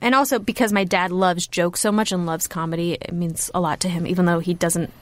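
A woman's voice: fairly low pitch, steady tone, brisk, no echo. A woman born in Uzbekistan and raised in the US, chatting loosely and laughing often as a comedy-writer guest in a recording booth. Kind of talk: casual podcast chat.

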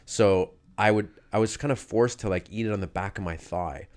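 Man, very deep voice, casual storytelling, animated, lots of fillers. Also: normal speed. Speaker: guest telling fight stories.

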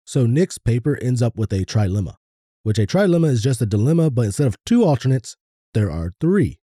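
Casual male podcast co-host, deep dark timbre, laid-back delivery with loose swearing. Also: sing-song, fairly quick, dry recording, clean studio sound.

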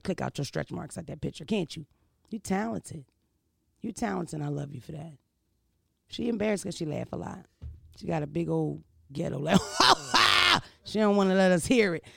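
A young woman hosts her podcast in a loose, profane, animated monologue, always checking in with her listeners. Her voice carries a gravelly fry. The sound is dry and close, with no room around it. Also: low-pitched, dry recording. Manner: profane, animated storytelling with frequent "you know what I mean?". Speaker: podcast host. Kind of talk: casual monologue storytelling.

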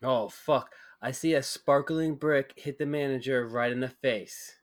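A rambling, foul-mouthed man on a comedy podcast who tells stories in loose run-on bursts. His voice sits at an ordinary male pitch. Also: unhurried. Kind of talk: comedic banter.

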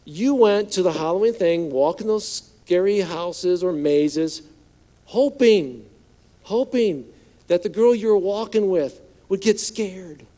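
A male pastor preaching a sermon in a conversational, joking way, slipping into hushed voices for quoted lines. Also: sits high, measured pace. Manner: conversational, playful asides, acts out quotes in hushed voice.

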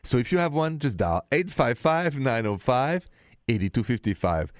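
A man's voice: medium pitch, very animated, measured pace, no room sound, clean studio sound. A man, hosting a late-night radio call-in show and confiding about his own dating life. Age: 50s. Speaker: radio host.

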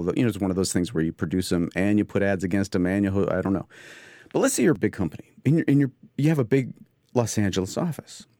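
An excitable man hosts his podcast in a rambling comedic monologue. His pitch swoops and jumps all over, and his voice sits in a dry, close studio sound. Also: no room sound. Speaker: podcast host. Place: home studio.

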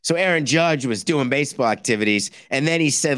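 A man hosting a sports podcast, delivering a sarcastic, animated monologue and mock-quoting other people. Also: medium pitch, fairly quick, hardly any pauses, no room sound, clean studio sound. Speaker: podcast host. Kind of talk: opinionated sports talk monologue.

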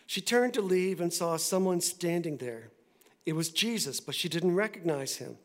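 Animated, high-voiced male pastor preaching. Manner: conversational, animated preaching with quick asides. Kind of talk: sermon. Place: church.

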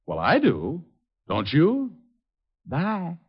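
An actor playing a wisecracking private detective who narrates in a wry, laid-back way, in 1940s radio acting from a muffled old broadcast. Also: male voice, a little high, huge pitch swings, drawn-out words, slightly rough, heavily acted. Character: wisecracking male private eye.

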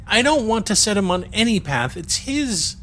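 A man's voice: high-pitched, sing-song, moderate pace, fairly bright tone. A man improvising a stern, exasperated officer lecturing a subordinate in a comedy podcast. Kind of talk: improvised sci-fi comedy role-play.

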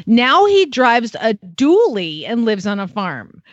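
A woman co-hosting a podcast in casual chat, animated and jokey and laughing often. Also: a little high, takes it slowly, dry recording, muffled recording. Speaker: podcast co-host.

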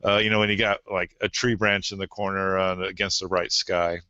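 A man who is a podcast guest, talking gear in a casual chat and often pausing with "uh". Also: low-pitched, level tone, sharp tone, no room sound, highs cut off. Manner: gear-focused, hesitant, many uhs.

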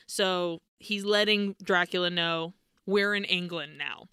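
A woman co-hosting a podcast, casually retelling a film with lively voiced asides. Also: lowish voice, slow pace, clean tone, no room sound. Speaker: podcast co-host. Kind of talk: casual film recap chat.

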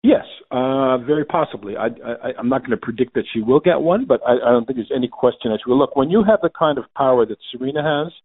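A man's voice: mid-range voice, fast, hardly any pauses, breathy edge. A man as a tennis journalist guest on the phone, rambling with lots of fillers and restarts. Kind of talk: phone interview. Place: phone line from afar. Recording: tinny phone line.

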